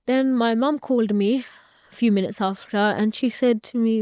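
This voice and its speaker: A woman's voice: fairly high pitch, moderate pace, mellow, clean tone, no room sound, studio quality. A young woman, a guest in an interview, earnestly recounting a personal story and retelling family conversations at length.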